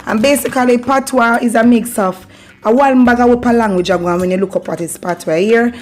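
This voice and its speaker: A woman's voice: on the high side, a little fast, darkish tone. A Jamaican woman hosting her channel, teaching patois in a casual way, laughing often and slipping between patois and English. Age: adult parent. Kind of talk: casual patois lesson and devotional talk.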